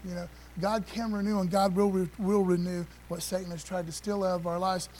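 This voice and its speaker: A man's voice: high-pitched, level tone, brisk, darkish tone, slight background noise. A male pastor preaching a sermon in a conversational, emphatic style, full of rhetorical questions and asides to the congregation.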